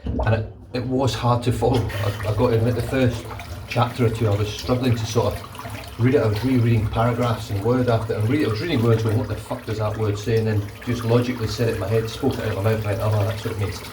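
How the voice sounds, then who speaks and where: A man's voice: medium pitch, fairly even intonation, quick pace, hardly any pauses, background noise. Man chatting casually in an echoey bathroom. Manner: chatty, rambling, swears casually. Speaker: vlogger. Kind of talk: casual chat. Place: bathroom with running water. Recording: echoey bathroom, mic at a distance. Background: running tap water.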